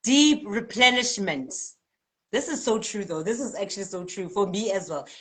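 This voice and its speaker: A South African woman hosting a live spiritual card-reading stream, reading out viewers' comments in a lively, chatty way and laughing often. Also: medium pitch, moderate pace. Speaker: spiritual healer and card reader.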